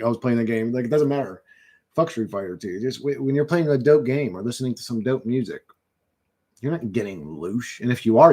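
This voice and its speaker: A man's voice: medium pitch, a little mellow, slightly rough. Profane ranting man on a livestream. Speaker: livestream host. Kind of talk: rambling livestream monologue.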